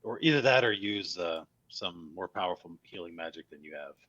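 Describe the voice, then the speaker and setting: Deep-voiced dungeon master, calm and dry. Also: male voice, moderate pace, no room sound, lo-fi sound. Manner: calm, low-key narration with frequent fillers. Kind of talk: narrating a tabletop game.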